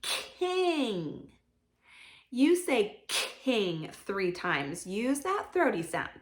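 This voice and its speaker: A woman speech therapist leading a children's sound practice lesson, modeling sounds clearly and giving encouraging praise. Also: mid-range voice, sing-song. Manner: slow, clear modeling of sounds with pauses for kids to repeat.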